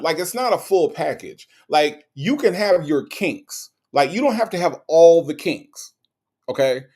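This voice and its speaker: A man's voice: high-pitched, darkish tone. A man hosting a live stream, reacting to a case and reading viewer comments in a blunt, mocking, repetitive way.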